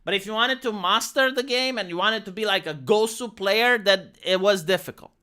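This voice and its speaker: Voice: mid-range voice, normal speed. A streamer with a Romanian accent, ranting bluntly and with plenty of swearing in a casual livestream about leading raids. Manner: blunt, profane, animated ranting. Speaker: streamer and former raid leader.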